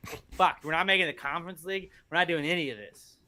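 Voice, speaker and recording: Casual co-host, man with a bright tone, angry and sweary. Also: a little high, fast. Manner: ranting, profane, exasperated. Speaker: podcast co-host. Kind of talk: casual chat.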